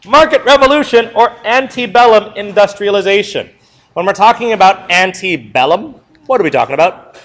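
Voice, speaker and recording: Captured from slightly across the classroom, a young man runs through a history unit review, quick and chatty. His fairly high voice bounces in pitch as he energetically peppers the class with questions, then supplies the answers himself.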